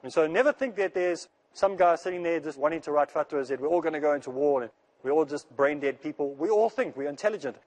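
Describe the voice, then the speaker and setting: A man giving an earnest religious lecture in a rushing, rapid delivery, repeating phrases to make his point. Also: on the high side, darkish tone. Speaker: Islamic speaker.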